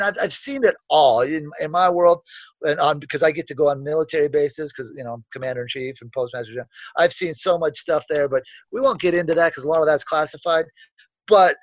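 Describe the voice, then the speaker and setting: A man's voice: on the high side, dry recording. Self-assured, rambling man, lo-fi sound. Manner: rambling, self-assured, many restarts and asides. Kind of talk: casual storytelling in a conversation. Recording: dull, dry, lo-fi sound.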